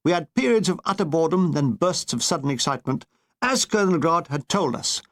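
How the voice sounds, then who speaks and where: An older man reading his own comic memoir with wry, deadpan asides. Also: on the high side, fairly quick. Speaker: author narrating his memoir.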